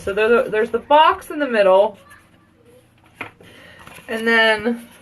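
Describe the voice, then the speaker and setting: A woman's voice: fairly high pitch, a little hiss or hum. A woman and mother chatting casually at home in a live beauty product review, rambling and gushing. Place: at home, children heard downstairs.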